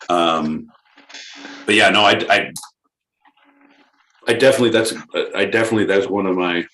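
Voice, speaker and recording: A Californian man co-hosting a podcast, talking in a rambling, excitable way with lots of restarts and swearing. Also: fairly low pitch, brisk, long pauses, a little hiss or hum, low-quality recording. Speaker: podcast co-host. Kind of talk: casual chat.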